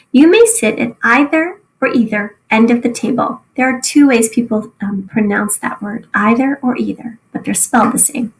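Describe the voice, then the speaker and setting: Teacher lady going over spelling words, careful and clear, bit high pitched. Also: low-quality recording. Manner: slow, clearly enunciated dictation. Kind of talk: spelling test and answer review.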